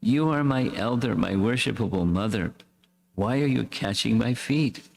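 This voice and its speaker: A man reading as a calm, gentle young woman. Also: medium pitch, normal speed, creaky. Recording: echoey hall reverb.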